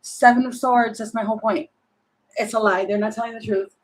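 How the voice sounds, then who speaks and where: Chatty woman reading tarot, a little high. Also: steady tone, brisk, low-quality recording. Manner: chatty, laughing, talks to herself between cards. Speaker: tarot reader. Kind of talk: casual tarot reading to camera.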